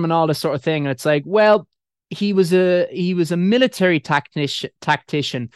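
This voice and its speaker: A man's voice: on the high side, fairly quick, clean tone, dry recording, studio quality. A man with an Irish accent in casual chat, rambling with many fillers and restarts and swearing freely.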